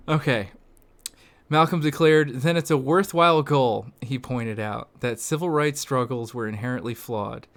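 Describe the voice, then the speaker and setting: A man's voice: mid-range voice, fairly bright tone. Swearing, casual man reading history. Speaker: podcast co-host. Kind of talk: reading a book aloud and chatting.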